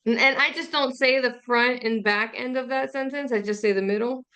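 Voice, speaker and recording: A woman's voice: on the high side, normal speed, bright, forceful tone. Self-mocking woman on a group call. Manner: self-mocking storytelling, quotes others. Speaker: group member. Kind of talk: casual group video call chat. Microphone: video call.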